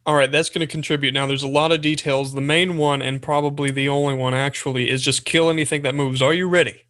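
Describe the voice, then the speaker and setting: A man's voice: on the high side, little pitch movement, quick pace, a bit bright. A man playing a tabletop role-playing game, joking around and talking in character in a casual way. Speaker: player.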